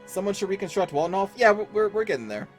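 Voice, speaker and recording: A chatty, wry man talks through his strategy game as he plays, his pitch sitting a little high and swinging freely. He thinks aloud in a casual let's-play manner. Faint game music runs underneath. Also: animated, fast talker. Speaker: gaming streamer.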